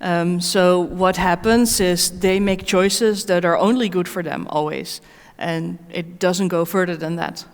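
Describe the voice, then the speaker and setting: A woman's voice: lowish voice, fairly even intonation, measured pace, hardly any pauses. A woman speaker and certified coach answering audience questions at a conference, talking hesitantly with many fillers and restarts. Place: conference hall. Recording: echoey conference hall.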